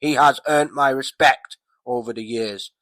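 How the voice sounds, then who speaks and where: Brief: male wrestling vlogger, mid pitch, profane heated rant, dry close sound. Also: a little slow, fairly bright tone, no echo. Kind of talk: casual ranting recap.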